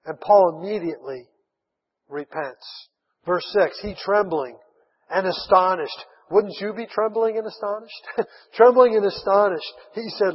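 A man preaching a sermon, retelling a Bible story with lively acted-out voices. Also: high voice, a little slow, husky. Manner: animated storytelling, acts out voices of Bible figures. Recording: dull sound with long hall reverb.

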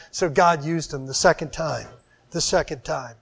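A man preaching a sermon, animated, with loud emphatic phrases that drop into quiet, drawn-out endings. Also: a little high, gravelly.

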